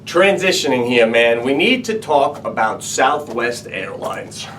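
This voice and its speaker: A man hosting a comedy show, telling stories with animated, acted-out quotes. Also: medium pitch, a little slow, over music. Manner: animated storytelling, acts out quoted voices. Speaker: comedian host. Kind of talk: comedic monologue. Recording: slightly distant mic, faint ambience.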